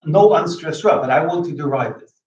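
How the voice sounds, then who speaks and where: Halting lecturer man, roomy distant sound. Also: on the high side, lively intonation, darkish tone. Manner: halting, restarts, checks with "okay?". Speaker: linguistics lecturer. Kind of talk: academic talk with questions. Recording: roomy lo-fi hall recording from afar.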